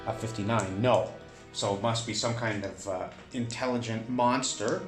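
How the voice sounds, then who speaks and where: A man narrating a solo tabletop game, thinking aloud with many pauses and fillers. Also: on the low side, fairly even intonation, roomy sound, over music.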